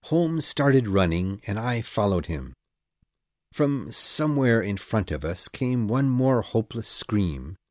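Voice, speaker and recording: A man narrating an audiobook in a dramatic, measured storytelling manner. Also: lowish voice, very animated, darkish tone, no echo, clean studio sound. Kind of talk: scripted narration.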